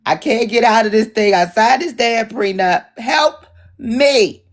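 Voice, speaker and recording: A woman's voice: a little high, unhurried, pitched above the performer's own voice. A woman putting on the voice of a desperate, trapped wife who pleads for rescue in a mock plea. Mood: pleading.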